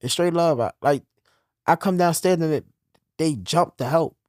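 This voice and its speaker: A young man telling stories in casual conversation, swinging between low, quiet stretches and loud bursts. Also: moderate pace, no room sound, clean studio sound. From New York. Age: young adult. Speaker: podcast guest telling his story.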